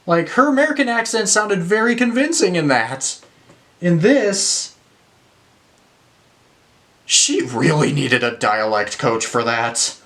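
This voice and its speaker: A man's voice: fairly high pitch, very animated, takes it slowly, pauses often, a bit bright. A young man reviewing films in a casual rant, exasperated, swearing and using lots of fillers. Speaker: movie reviewer.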